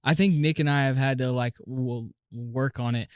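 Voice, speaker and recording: A man's voice: medium pitch, steady tone, moderate pace, smooth, no echo. A young man co-hosting a casual podcast chat, mumbling at times and laughing often. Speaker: podcast co-host.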